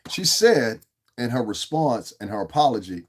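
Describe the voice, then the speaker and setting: A man hosts a livestream and talks on at length. He is profane and animated, with his pitch in an ordinary middle range. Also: moderate pace. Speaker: livestream host. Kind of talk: livestream commentary.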